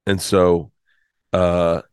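A man's voice: sits low, flat delivery, drawn-out words, darkish tone, smooth, dry recording, clean studio sound. A man in his fifties, a comedian guest telling a rambling story full of restarts and swearing. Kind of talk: storytelling in conversation.

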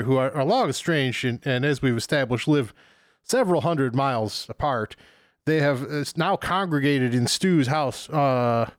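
Guy on a podcast ranting about a movie, kinda high voice, dry close mic, swears a lot. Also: no room sound. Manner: rambling, exasperated, swears freely. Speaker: podcast co-host. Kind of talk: casual movie review chat.

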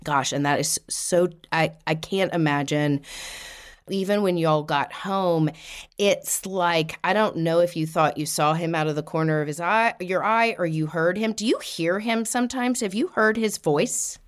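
Lady medium doing a reading, low-ish voice, jumps way up when she acts out what the spirit says. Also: measured pace. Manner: animated, voices the spirit's words with sudden high jumps. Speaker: psychic medium.

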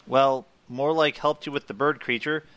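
A man's voice: medium pitch, fairly even intonation, normal speed, a bit bright, clean tone. A man playing a tabletop game, speaking in a matter-of-fact way. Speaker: player.

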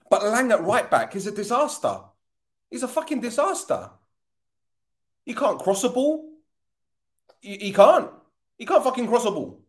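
A man hosting a football fan podcast, ranting angrily, swearing often and repeating himself. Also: high voice.

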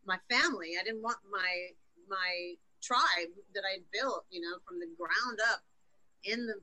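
A woman's voice: medium pitch, sharp tone, rough recording. A woman guest in an interview, recounting a personal story frankly, emotionally and with plenty of swearing. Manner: frank and profane, emotional retelling.

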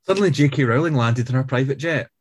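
A man with a husky, breathy voice and a middling pitch. He co-hosts a podcast and reads crude fan fiction aloud in a deadpan way. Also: quick pace. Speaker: podcast co-host.

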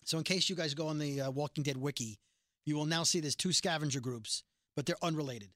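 Podcast co-host, male, high bright voice, animated, dry close sound. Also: brisk, no echo. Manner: animated storyteller, acts out quotes. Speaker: podcast co-host recapping a TV show. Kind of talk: casual chat.

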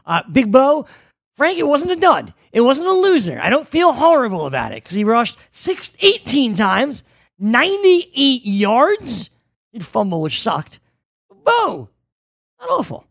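Gravelly high-voiced guy in his 30s, sports pod cohost, jumps from loud to quiet, dry sound. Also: wildly swooping pitch, unhurried, no room sound. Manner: swings from loud outbursts to quiet. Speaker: sports podcast co-host. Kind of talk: casual sports chat and ad reads.

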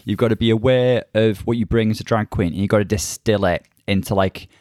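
Low-voiced man, chatty. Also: fairly quick, darkish tone, no room sound, clean studio sound. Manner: chatty, playful, laughs easily. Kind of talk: casual commentary chat.

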